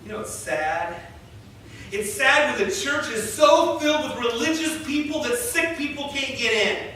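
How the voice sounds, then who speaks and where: Male pastor preaching a dramatic sermon, loud then hushed, recorded far off in a very echoey church with faint noise. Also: very high-pitched, lively intonation, measured pace. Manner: dramatic storytelling, swings between loud and hushed. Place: church sanctuary.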